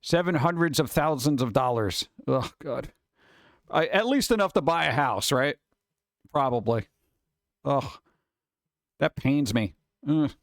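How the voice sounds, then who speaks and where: A man's voice: fairly high pitch, lively intonation, moderate pace, no room sound, clean studio sound. A man streaming live, chatting casually and rambling while answering his viewers. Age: adult.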